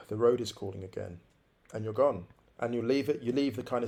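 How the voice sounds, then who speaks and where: A man's voice: mid-range voice, moderate pace, gravelly, a little mellow. A man around forty, a podcast guest, reflectively telling his life story and repeating phrases for emphasis.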